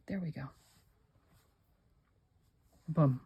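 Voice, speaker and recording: Low-voiced chatty older woman crafting. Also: measured pace, slight background noise. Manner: chatty, rambling, talks to herself while working. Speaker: craft channel host. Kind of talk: casual chat while crafting.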